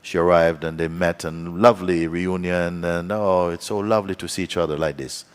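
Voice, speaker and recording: A man with a very low voice leads a satsang as a spiritual teacher. He tells a story and acts out its people's voices in quoted dialogue, chuckling now and then. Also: fairly even intonation, normal speed, clean tone. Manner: chuckles while telling.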